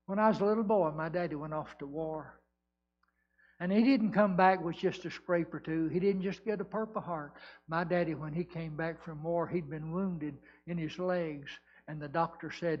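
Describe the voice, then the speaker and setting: A man preaching, voicing a solemn grown son whose father lost his legs in war, speaking low and earnest. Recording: dull lo-fi church recording.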